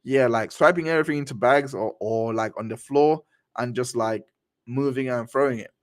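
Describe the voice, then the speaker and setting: A man's voice: medium pitch, normal speed. Man cold-reading court transcripts aloud. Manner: reads all parts aloud, stumbling and restarting, with asides. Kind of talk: cold read of a transcript with commentary.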